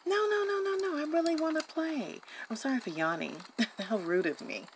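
A woman voicing a chatty young woman in a doll-play story, talking in an animated, indignant and giggly way. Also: sits high, normal speed, a little hiss or hum, pitched above the performer's own voice. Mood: playful.

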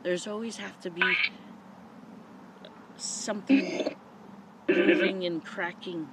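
Her voice sits fairly low, with a steady tone and a slow pace. She is a woman investigating the paranormal for her vlog, out in a forest at night, nervously putting short questions to spirits while traffic passes in the background.

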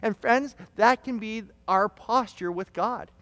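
A man preaching a sermon as pastor, telling stories with restarts and stammers, sometimes shouting quoted lines. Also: sits high, takes it slowly, no room sound, in a large hall. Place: church hall.

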